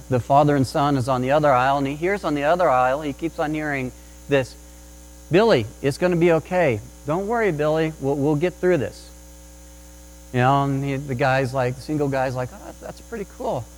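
A man's voice: mid-range voice, rough recording. A man preaching a sermon about parenting, telling a story with frequent restarts and repeated words. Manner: restarts often, tells anecdotes with acted quotes. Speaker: pastor.

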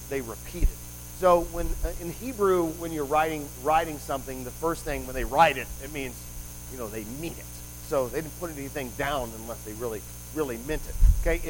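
A man's voice: fairly high pitch, a little hiss or hum, low-quality recording. A man preaching a conversational sermon, rambling with asides and quizzing the congregation with questions. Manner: rambling with frequent restarts and asides.

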